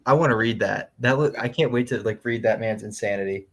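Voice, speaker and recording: A young man co-hosting a casual comics chat, rambling with lots of fillers and quick laughs. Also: fairly low pitch, a bit bright. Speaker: podcast co-host.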